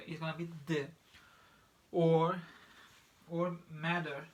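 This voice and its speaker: A man's voice: on the high side, level tone, unhurried, long pauses. A man teaching English pronunciation, repeating each example word several times and often restarting his sentences. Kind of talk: pronunciation lesson.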